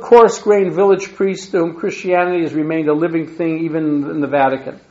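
Man, lecturer, fairly high voice, reads quotes aloud, restarts often, echoey room, dull lo-fi sound. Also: darkish tone. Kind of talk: historical lecture reading from a diary.

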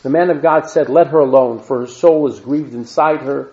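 On a dull lo-fi recording, a man explains scripture as a Torah teacher, speaking at a normal speed in a mid-range, darkish voice. He reads the verses first and follows them with plain asides and Hebrew terms.

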